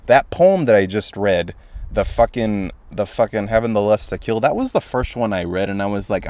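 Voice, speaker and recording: A man's voice: fairly low pitch, expressive, a little fast, a little mellow, no echo. A man in his twenties hosting a solo podcast, rambling with lots of swearing and sarcasm. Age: 20s. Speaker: podcast host. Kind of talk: casual solo podcast monologue.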